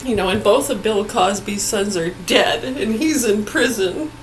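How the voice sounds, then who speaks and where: A woman's voice: mid-range voice, unhurried, slight background noise. A woman on a swearing, angry rant, laughing between outbursts.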